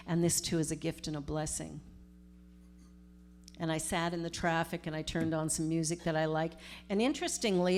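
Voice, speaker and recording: A middle-aged woman, a minister giving a storytelling sermon in a conversational, animated way. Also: fairly low pitch, slight background noise. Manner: conversational, animated retelling with acted-out quotes.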